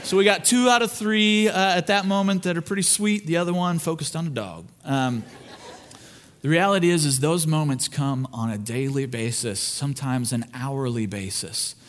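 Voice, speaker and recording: Male pastor, higher voice, warm storyteller who acts out voices, then an earnest prayer. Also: normal speed. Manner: turns hushed and earnest in prayer. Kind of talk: sermon with family storytelling. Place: church service.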